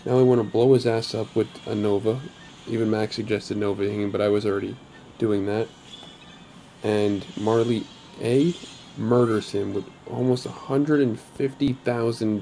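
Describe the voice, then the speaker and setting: A man's voice: lowish voice, vocal fry, mellow, a little hiss or hum. A man hosting his own gaming channel, talking casually over gameplay in a chatty, upbeat way with rambling asides.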